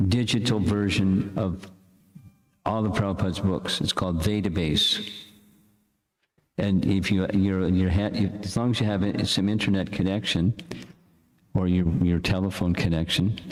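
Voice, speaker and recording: An older man teaching a scripture class to an audience, pausing to lead chanted verses for the room to repeat, in a casual, halting way with restarts. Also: on the low side, darkish tone. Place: lecture hall with an audience. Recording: echoey lecture room.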